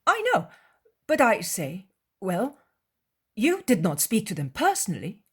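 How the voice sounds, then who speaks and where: A woman's voice: medium pitch, wildly swooping pitch, unhurried, slightly rough, pitched above the performer's own voice, exaggerated voice. A woman voicing a young male apostle who presses with eager, insistent questions in a dramatized audiobook. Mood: prying. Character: prying, anxious male apostle, young man.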